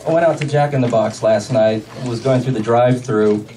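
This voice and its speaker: A man doing a stand-up comedy set, delivering deadpan one-liners with pauses for laughs. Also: mid-range voice. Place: comedy club stage with a laughing audience. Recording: distant club recording with loud crowd noise.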